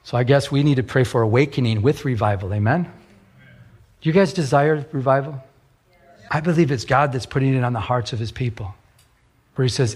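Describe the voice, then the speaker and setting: A man's voice: mid-range voice, fairly quick, pauses often, slightly rough. A man preaching a sermon as a pastor, rambling and often repeating words as he restarts.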